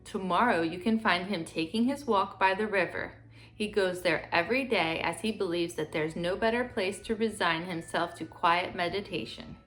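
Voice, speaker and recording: A woman voicing a cunning talking cat who flatters royalty in a courtly, scheming way, for a children's storybook reading. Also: fairly low pitch, moderate pace, soft background music, lightly acted. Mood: eager.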